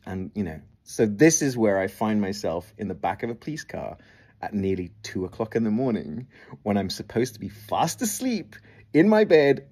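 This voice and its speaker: An English man telling a funny story from his school days in a casual, animated way, swinging his voice up and down for effect. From England. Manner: animated, big swings in pitch and loudness for effect.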